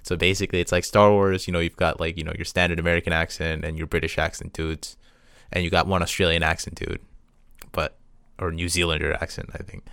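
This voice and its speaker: A young man chatting casually on a podcast, relaxed and conversational. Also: low-pitched, fast, creaky, no echo, clean studio sound. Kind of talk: casual chat.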